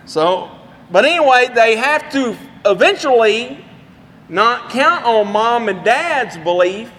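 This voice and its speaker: A man's voice: very high-pitched, expressive, slow pace, a bit bright. A middle-aged man preaching a sermon in an earnest, conversational way with folksy asides. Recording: long hall reverb.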